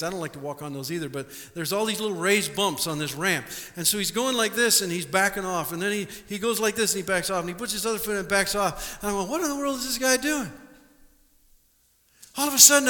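A male pastor delivers a sermon with a high, bright, ringing voice. He repeats words as he goes and checks in with the congregation. The live recording carries a long hall reverb from the church. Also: fast talker, few pauses. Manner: animated preaching with repeated words and audience questions. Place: church sanctuary.

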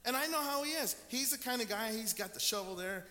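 Man, pastor, sermon, storytelling, high pitch, long hall echo. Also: expressive, a little fast, pushed and bright. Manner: storytelling, acts out quoted people. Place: church sanctuary. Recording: long church reverb.

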